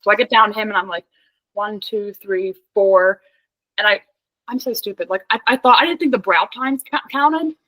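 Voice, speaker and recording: A young woman from Pennsylvania with a bright, ringing voice, telling a story in lively casual chat. She laughs often and strings her thoughts together with "like". The sound is dry and close. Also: mid-range voice, normal speed, no echo, low-quality recording. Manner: animated, laughs often, heavy use of "like". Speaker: podcast guest, hunter.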